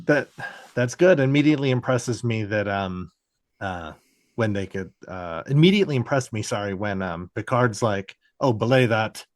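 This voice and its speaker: A man's voice: on the low side, animated, moderate pace, no echo. A man co-hosting a podcast, chatting casually and rambling with plenty of ums and restarts. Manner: rambling, stumbling with fillers. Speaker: podcast co-host. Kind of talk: casual chat.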